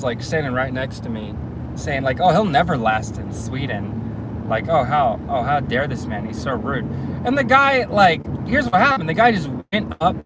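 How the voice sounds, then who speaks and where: A young man talks through a long story from behind the wheel, his voice sitting a bit high for a man. He rambles and restarts, and road and traffic noise hums clearly under everything. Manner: rambling, casual, many fillers. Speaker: vlogger. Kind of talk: storytelling while driving. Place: car, driving.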